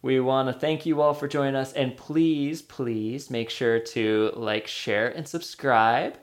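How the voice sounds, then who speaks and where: A man's voice: medium pitch, steady tone, slow. A man hosting a casual movie podcast, quizzing his guest in a playful, chatty way. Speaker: podcast host.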